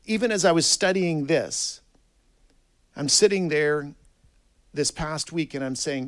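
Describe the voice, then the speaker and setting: A man preaching a sermon in an earnest way, reading scripture aloud and swinging between quiet and loud emphasis. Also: fairly high pitch, a little slow, long pauses.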